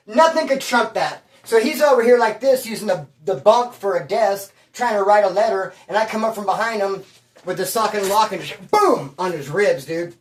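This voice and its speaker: Animated slangy man, roomy and off mic. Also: high-pitched, normal speed, distant mic. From Bakersfield, California. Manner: animated, slangy, keeps saying bro and dude. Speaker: vlogger telling prison stories. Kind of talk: casual storytelling. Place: at home, indoors.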